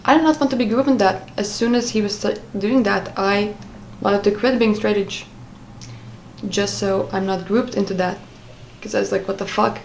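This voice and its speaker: A woman's voice: mid-range voice, normal speed, a little mellow. Young woman rambling thru a personal story at home, lots of ums and likes, slight hiss. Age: young adult. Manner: rambling with frequent fillers and restarts. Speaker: vlogger. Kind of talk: casual storytime monologue.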